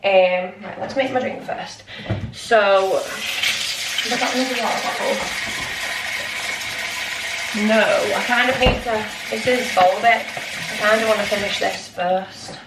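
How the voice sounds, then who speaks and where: A woman's voice: mid-range voice, unhurried, heavy background noise. Rambling woman vlogging. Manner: rambling and scattered, many ums. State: shaky and out of breath. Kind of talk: casual chatty vlog. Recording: echoey room, mic at a distance.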